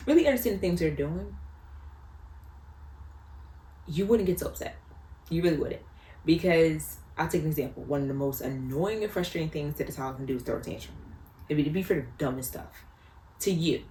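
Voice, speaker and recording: A mother with a low, darkish voice gives casual parenting advice straight to the camera. She is earnest and reflective, often repeating phrases to drive points home. The recording carries a roomy echo and faint background noise.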